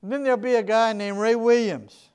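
High, clear-voiced Southern US pastor. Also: male voice, fairly even intonation, brisk. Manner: earnest, emphatic, shifts from quiet to loud. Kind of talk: sermon storytelling.

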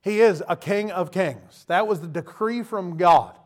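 A man preaching a sermon, animated and emphatic, putting direct questions to his listeners. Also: high-pitched, measured pace. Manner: animated, emphatic, rises to loud bursts.

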